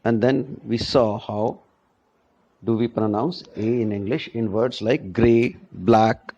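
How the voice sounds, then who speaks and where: A man giving a classroom lesson at an unhurried, deliberate pace. His voice has a gravelly edge, and he keeps pausing to ask his students "right?" as he explains. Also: on the low side, steady tone, mellow, dull audio, slight background noise. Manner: slow and deliberate, checks in with "right?". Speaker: teacher. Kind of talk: classroom lecture on pronunciation.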